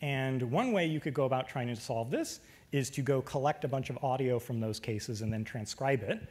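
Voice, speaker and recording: A man giving a technical lecture, relaxed, with frequent fillers. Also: mid-range voice, normal speed, husky.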